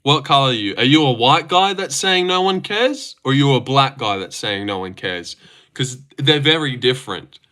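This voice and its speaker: A man's voice: medium pitch, animated, normal speed, bright, forceful tone. A young man chatting casually on a stream, joking, teasing and swearing as he reacts.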